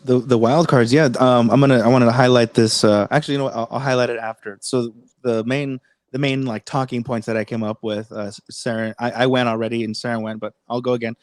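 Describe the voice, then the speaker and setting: A man's voice: mid-range voice, fairly even intonation, fast, no echo, clean studio sound. A man hosting a casual tech livestream, rambling with many fillers and restarts. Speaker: livestream host.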